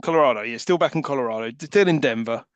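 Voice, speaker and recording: A man's voice: medium pitch, animated, very fast, dry recording, muffled recording. A man co-hosting a podcast, chatting casually about a film with wry, sarcastic rants. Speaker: podcast co-host. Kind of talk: casual film review chat.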